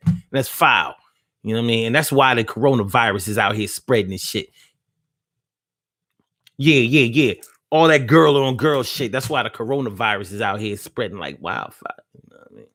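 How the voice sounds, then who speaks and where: A man's voice: medium pitch, a bit bright, no echo, studio quality. A man hosting a live show, ranting casually in loose slang with lots of profanity and teasing his listeners directly. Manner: teasing, talks straight to listeners. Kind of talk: casual live-stream talk.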